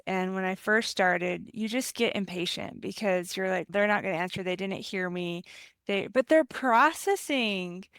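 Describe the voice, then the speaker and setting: A woman's voice: medium pitch, fairly bright tone, clean tone, dry recording. A woman co-hosting a podcast, affirming and encouraging her guest in casual chat. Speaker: podcast co-host; therapy company owner.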